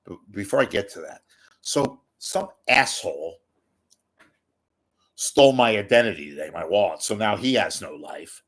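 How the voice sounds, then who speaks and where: A man's voice: lowish voice, expressive, moderate pace, fairly bright tone. A man hosting a rambling, self-mocking livestream monologue, often repeating words as he talks close to his webcam. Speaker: livestream host. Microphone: webcam close to face.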